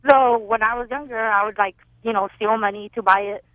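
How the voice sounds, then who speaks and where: A woman's voice: on the high side, fairly even intonation, brisk, no echo. A young woman in her twenties calling in to a radio show, talking in a rambling, hesitant way. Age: 20s. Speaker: caller. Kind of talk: call-in radio chat. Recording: tinny phone line.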